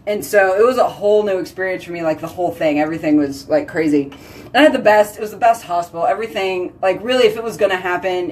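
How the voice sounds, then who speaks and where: Chatty woman host, casual and animated. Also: lowish voice, slight background noise. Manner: chatty, heavy use of "like", animated exclamations. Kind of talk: casual chat with viewers.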